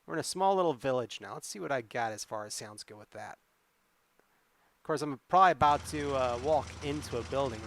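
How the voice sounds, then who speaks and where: A man's voice: medium pitch, gravelly, a bit bright, dry recording. Man reading a solo game aloud with wry asides. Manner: wry, reads text aloud slowly. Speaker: solo game player and streamer. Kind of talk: reading and commenting on a solo adventure.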